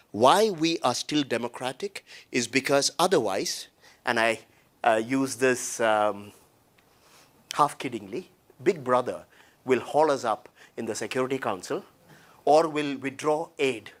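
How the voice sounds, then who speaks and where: A man from India, a conflict facilitator, giving an animated, blunt public talk with frequent restarts and hesitations. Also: medium pitch, slow.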